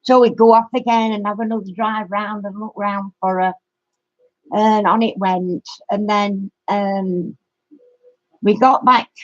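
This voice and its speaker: A woman's voice: medium pitch, no echo. A middle-aged woman, telling a long story in a casual live-stream chat. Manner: rambling storyteller. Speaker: craft channel host. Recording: dry, muffled lo-fi sound.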